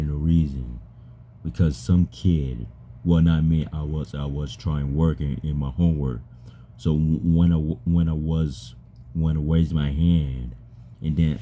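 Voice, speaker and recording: A man with a deep voice chatting casually with an AI, halting and stammering and repeating his words. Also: mellow, slight background noise. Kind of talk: casual chat with an AI.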